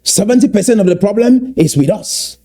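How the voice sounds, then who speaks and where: A man giving impassioned political commentary, emphatic and repeating key points slowly for weight. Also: high voice, animated, warm tone.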